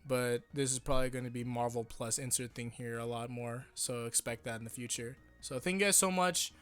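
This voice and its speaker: A young man reviewing an anime episode in casual chat, rambling with lots of swearing and hyped excitement. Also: medium pitch, a little fast, smooth, soft background music.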